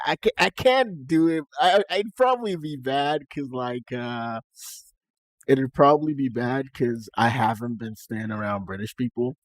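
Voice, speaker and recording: Slow, chatty man with put-on American accent. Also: mid-range voice, no echo. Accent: put-on generic American-Canadian. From Nigeria. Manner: chatty and self-amused, laughing between remarks. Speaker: live-streaming 3D artist. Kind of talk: casual live-stream chat.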